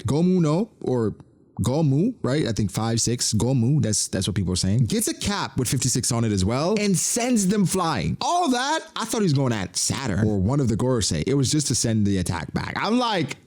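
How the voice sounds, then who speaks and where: A man's voice: mid-range voice, moderate pace. A man hosting a casual podcast, recapping a manga chapter in slangy chat, laughing often and acting out characters' lines. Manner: animated, laughs often, slangy, acts out quotes.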